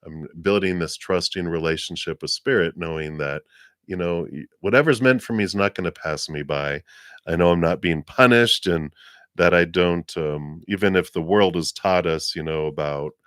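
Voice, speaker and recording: A man doing a casual live reading on a stream, gentle and rambling, laughing often, his voice a bit lower than usual from the weather. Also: moderate pace, no echo, clean studio sound. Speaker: psychic reader on a livestream.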